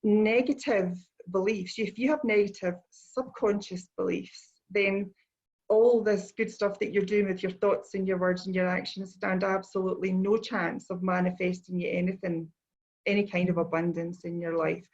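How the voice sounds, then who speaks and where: Scottish woman, guest healer, measured and calm, lots of ums, dull lo-fi call sound. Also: mid-range voice. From Scotland. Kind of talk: conversational explanation.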